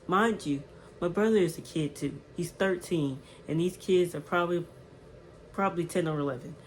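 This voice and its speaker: A woman's voice: fairly low pitch, moderate pace, slight background noise, rough recording. Young woman telling a storytime. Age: 20s. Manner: animated, repeats "right?" to the viewer. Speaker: vlogger. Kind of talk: storytime vlog.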